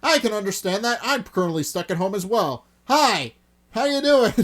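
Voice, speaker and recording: A man's voice: high voice, animated, normal speed, fairly bright tone. A man hosting a let's play, reading a game and joking between lines. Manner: jokey and upbeat. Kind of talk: casual game commentary.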